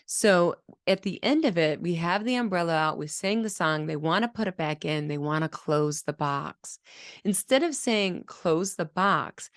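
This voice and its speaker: Low-voiced woman teaching speech therapy. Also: lively intonation, normal speed, no echo, clean studio sound. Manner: clear, explanatory, demonstrates children's sounds aloud. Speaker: speech-language pathologist. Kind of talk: teaching video lesson.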